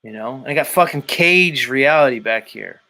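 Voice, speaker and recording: A man's voice: mid-range voice, expressive, moderate pace, vocal fry, sharp tone. A man hosting a casual live stream, reading viewer comments aloud and lecturing in a blunt, repetitive, emphatic way. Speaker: show host.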